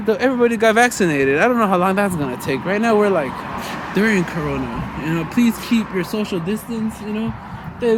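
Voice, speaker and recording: Outdoors against a noisy background, a high-pitched Mexican-American vlogger from the United States delivers a rambling, casual monologue, peppered with "you know," "man," and swearing.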